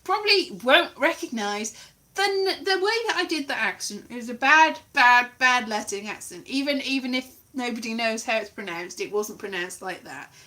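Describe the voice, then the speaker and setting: A woman's voice: high-pitched, bright, forceful tone. A woman rambling through a casual comedy set at home, reading bits aloud from books and mocking herself. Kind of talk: casual improvised chat. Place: home, virtual show.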